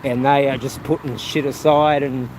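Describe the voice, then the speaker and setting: Kiwi male streamer, mid-pitched, rambling and friendly with viewers, recorded on a phone outdoors with loud ambient noise. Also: little pitch movement, normal speed. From New Zealand. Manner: rambling, chatty, reads viewer comments aloud. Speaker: live streamer. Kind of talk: casual walking live stream. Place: outdoors on a rural path. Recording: outdoor noise with passing vehicles. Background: outdoor ambience, animals, vehicles.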